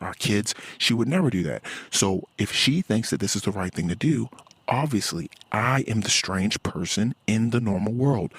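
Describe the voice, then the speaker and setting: A man's voice: fairly low pitch, fairly bright tone, slightly rough, no room sound. A man recording a personal diary monologue, ranting bluntly and profanely with exasperation. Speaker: anonymous podcast diarist.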